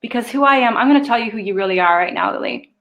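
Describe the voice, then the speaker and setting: A woman's voice: on the high side, racing, fairly bright tone. A woman hosting a live stream of spiritual guidance, answering viewer questions in a casual, chatty way with laughs and the odd swear word. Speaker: spiritual channeler and host.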